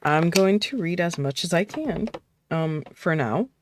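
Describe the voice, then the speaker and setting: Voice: medium pitch, lively intonation, measured pace, background noise. Loose-talking streamer reading aloud. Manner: loose and swearing, chatting with viewers between reading. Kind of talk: casual livestream chat and read-aloud. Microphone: desk microphone.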